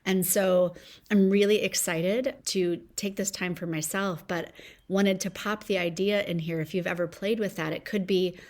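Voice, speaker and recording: A woman's voice: on the low side, fairly even intonation, moderate pace, a little mellow. A woman in her forties hosting a solo podcast from home, talking in a reflective, upbeat way. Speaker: podcast host.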